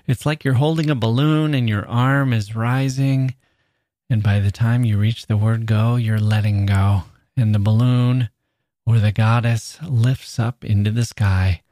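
A man at a middle pitch talks through a listener's question about a line of verse in a thoughtful, unhurried way. He slows down to read quoted lines with care. The sound is dry and close, with no room around it. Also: fairly even intonation, darkish tone, dry recording. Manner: thoughtful, reads verse lines slowly and deliberately. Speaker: podcast host. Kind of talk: answering a listener's email on poetry.

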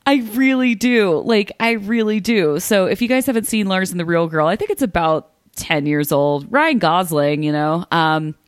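A woman's voice: fairly low pitch, expressive, normal speed, hardly any pauses, dry recording, clean studio sound. Chatty woman podcast co-host. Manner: chatty, recaps news with frequent fillers. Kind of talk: casual chat.

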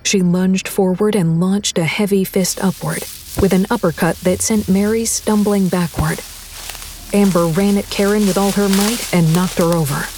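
A woman narrating a horror story with a measured, deliberate delivery. Her voice is mellow and dark. A faint hiss sits under it. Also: mid-range voice, fairly even intonation. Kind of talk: scripted horror audiobook narration.

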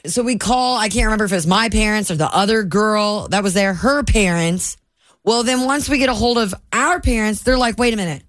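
A woman's voice: mid-range voice, a little fast, a bit bright, dry recording. A woman co-hosting a morning radio show, telling a story chattily and building suspense in casual banter. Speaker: radio co-host. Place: radio studio. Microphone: studio microphone.

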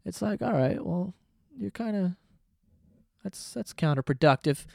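A man's voice: high-pitched, lively intonation, measured pace, vocal fry, dark tone, dry recording, clean studio sound. A young man hosting a casual solo podcast, rambling and swearing, laughing at himself as he talks. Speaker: podcast host.

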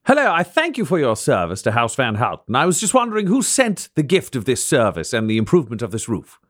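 A man's voice: mid-range voice, huge pitch swings, fast talker, a bit bright, voice pushed up. A man voicing a pompous, overly polite male steward in a tabletop game. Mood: courtly.

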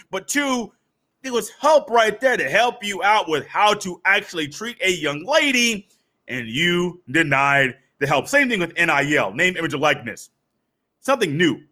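A young man hosting a sports podcast, talking casually and acting out little scenes with animated swings in pitch and pace. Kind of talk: casual monologue with storytelling.

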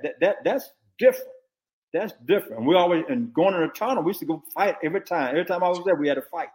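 Blunt, animated older football coach. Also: male voice, sits high. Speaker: former football coach and podcast analyst. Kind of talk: casual sports talk.

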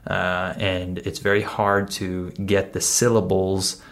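Slow, deliberate male English teacher. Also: low voice, level tone, fairly bright tone. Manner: deliberate, with frequent "uh" pauses and check-ins like "right?" and "okay?". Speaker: English teacher, podcast host. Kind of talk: slow, explanatory listening lesson.

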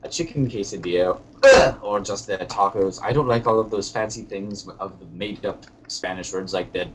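A man's voice: on the low side, moderate pace, heavy background noise, lightly acted. A man doing a hiccuping pompous British lord. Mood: rambling. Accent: put-on British. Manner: rambling, hesitant, genteel phrasing. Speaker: podcast co-host. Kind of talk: comedic podcast character chat.

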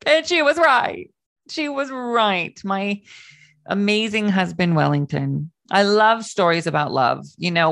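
A middle-aged man hosting a call-in show, chatting and telling a story in a lively, animated way. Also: high voice, no echo, clean studio sound. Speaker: host. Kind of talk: casual chat show talk. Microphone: video call.

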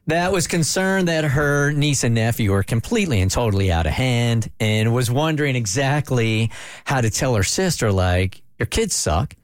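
A man's voice: mid-range voice, dry recording, studio quality. A man hosting a talk radio show, chatting casually and telling stories to his co-hosts. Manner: conversational, storytelling.

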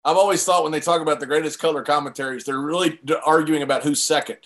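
A man hosting a casual chat, talking relaxed and reminiscing, laughing often. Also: a little high, fast.

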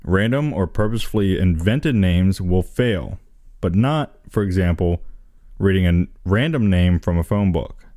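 A man's voice: low voice, expressive, normal speed, warm tone, no echo, studio quality. A man co-hosting a casual chat, reading a text aloud and riffing on it, often breaking into laughter. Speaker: co-host reading an entry aloud.

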